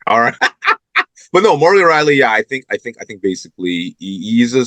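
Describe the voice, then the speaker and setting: A man's voice: medium pitch, animated, a little fast, a bit bright, dry recording. A man hosting a sports talk show, fired up and emphatic as he calls out the team's owners.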